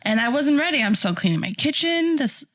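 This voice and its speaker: A woman's voice: high voice, sing-song, fairly quick, a bit bright. A young adult woman co-hosting a podcast, telling a story animatedly and acting out the people in it. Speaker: podcast co-host. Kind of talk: casual chat.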